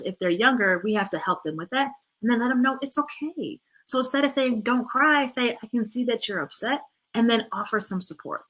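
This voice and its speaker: A mother giving parenting advice in a casual, animated, chatty way, often checking in with her listeners. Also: medium pitch. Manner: animated, chatty, keeps asking "right?".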